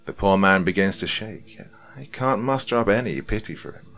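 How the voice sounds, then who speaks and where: A man hosting a horror podcast, narrating a story in a measured, dark storytelling manner. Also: on the low side, lively intonation, faint music behind.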